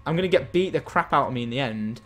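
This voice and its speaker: A man giving excitable live gameplay commentary as a game streamer, chatting with and thanking his viewers. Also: medium pitch, quick pace, soft background music.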